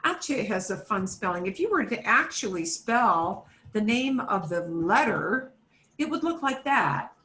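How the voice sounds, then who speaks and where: Patient woman teaching spanish over a video call, says words slowly for students to repeat. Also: mid-range voice, very animated, a bit bright, reverberant. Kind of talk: online language class.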